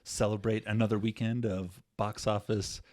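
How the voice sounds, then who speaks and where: Man, low voice, playful casual podcast co-host. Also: flat delivery, moderate pace, a little mellow, dry recording, clean studio sound. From United States. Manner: joking, playful. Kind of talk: casual chat.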